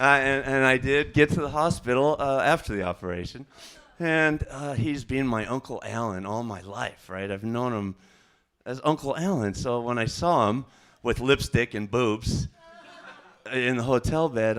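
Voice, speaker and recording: A male comedian working through a stand-up set in a loose, rambling way. He stops and restarts often, with fillers and self-corrections between the punchlines. His pitch sits in an ordinary middle range for a man. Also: unhurried, pushed and bright, smooth.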